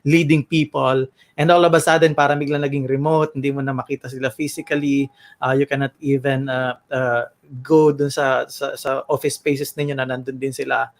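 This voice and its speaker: A man with a Filipino accent hosting an interview, asking playful, halting questions in English and Tagalog. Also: medium pitch, little pitch movement. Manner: playful, hesitant questions with many restarts. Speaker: talk show host.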